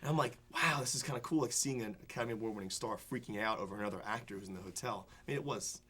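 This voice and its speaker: A young man, a film critic, telling an animated story in a studio interview, full of fillers and restarts. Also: on the low side, very fast, slightly rough. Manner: excited, rambling anecdotes full of fillers and restarts. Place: television studio before a student audience.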